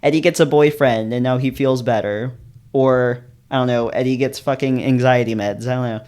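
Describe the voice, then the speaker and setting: A man's voice: medium pitch, steady tone, moderate pace, a little mellow, smooth. Musing man chatting about a story. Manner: musing, laughs often, repeats "right?". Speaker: channel host reading a visual novel. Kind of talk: casual commentary on a visual novel.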